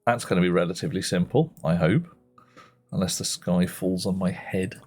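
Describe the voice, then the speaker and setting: Male streamer, low-pitched, wry and chatty, faint music underneath. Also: moderate pace, darkish tone, breathy edge. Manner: chatty, self-mocking, muttering asides. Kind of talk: live-stream commentary while playing.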